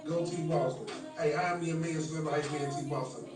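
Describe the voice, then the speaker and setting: A man's voice: fairly high pitch, fairly even intonation, quick pace. Upbeat man in a roomy promo. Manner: upbeat, blessing-filled sign-off. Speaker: host recording a promo. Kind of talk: promotional announcement. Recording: roomy playback from a distance with music.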